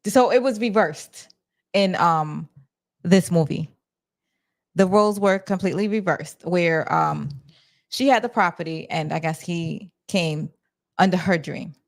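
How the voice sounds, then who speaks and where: Streaming from her office, this New York-accented host from New York talks casually to her viewers, addressing the chat and restarting with fillers. She speaks a little slowly in a lowish, animated voice.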